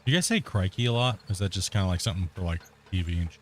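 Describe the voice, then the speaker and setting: Racing along in a deep, expressive voice, a gaming streamer banters with his chat and laughs a lot during casual livestream talk. A little hiss or hum sits under the recording.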